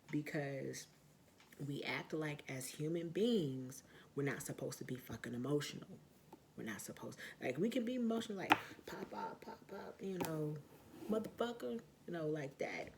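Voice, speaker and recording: A woman talking in a casual vlog monologue, blunt and profane, with lots of fillers and emphatic, loud outbursts. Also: low voice, lively intonation, unhurried, slight background noise. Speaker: vlogger.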